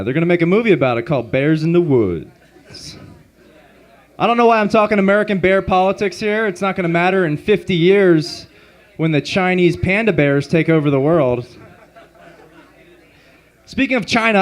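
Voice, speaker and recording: A man with a slightly high voice performs a stand-up set on a comedy club stage. He delivers deadpan setups and quick punchlines through a handheld mic and sometimes laughs at his own jokes.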